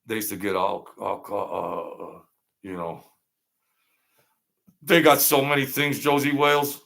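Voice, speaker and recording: A man's voice: fairly low pitch, flat delivery, a little slow, gravelly, fairly bright tone. A man telling stories in a rambling, blunt, streetwise way, often repeating himself. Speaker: storyteller recounting mob-era experiences. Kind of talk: casual rambling storytelling.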